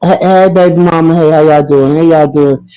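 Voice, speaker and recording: A man joins a casual live stream over a video call and jokes around with drawn-out exclamations. His voice is high for a man. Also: fairly even intonation, warm tone, rough recording.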